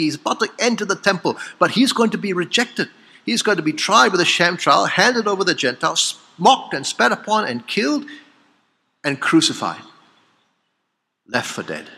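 A man preaching a sermon, swinging from loud exclamations to hushed, solemn lines. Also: high-pitched, vocal fry. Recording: long hall reverb.

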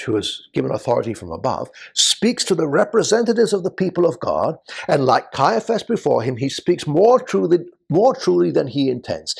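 Gravelly, husky male preacher. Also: medium pitch. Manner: measured, rising to emphatic. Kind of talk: expository sermon.

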